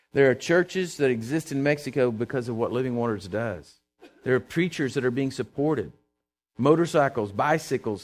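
A middle-aged man preaching a sermon as pastor, folksy, earnest and emphatic, telling stories to his church. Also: on the high side.

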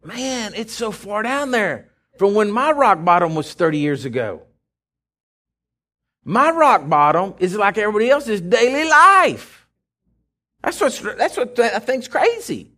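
Man, preacher, high and lively voice, dramatic storyteller. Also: unhurried. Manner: animated, dramatic, laughs while telling. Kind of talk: storytelling sermon. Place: church.

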